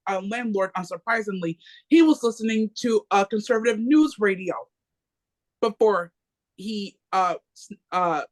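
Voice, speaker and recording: A reading group member talking passionately, repeating phrases for emphasis. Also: medium pitch. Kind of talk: impassioned casual discussion.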